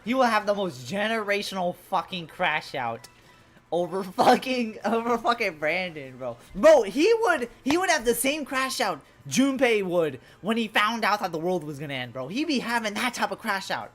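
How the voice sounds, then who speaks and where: A young woman on a live stream talks in a loose, jokey way, swearing freely and calling everyone bro. Her pitch swings up and down all the time, and faint music plays under her voice. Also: very animated, moderate pace. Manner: loose, profane and jokey, addressing chat as bro. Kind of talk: casual live-stream chat.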